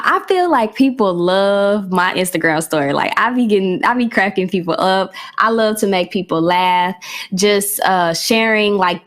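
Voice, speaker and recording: A woman hosting her own podcast in a casual, chatty way, talking straight to her listeners with a voice she calls country. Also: mid-range voice. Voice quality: self-described country voice. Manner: chatty, animated, addresses listeners as y'all. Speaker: podcast host. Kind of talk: casual solo podcast talk.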